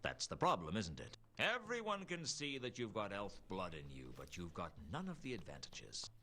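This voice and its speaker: A deadpan hard-boiled detective. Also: male voice, lowish voice, normal speed, slight background noise, heavily acted. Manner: dry, deadpan wisecracks. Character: world-weary male private detective. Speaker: noir detective narrator. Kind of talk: hard-boiled video game voice acting.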